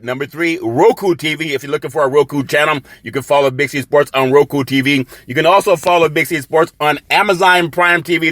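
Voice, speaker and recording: A man hosting his own sports podcast, talking casually and excitedly, shouting catchphrases and laughing at himself. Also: on the high side, heavy background noise. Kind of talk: casual sports talk show monologue.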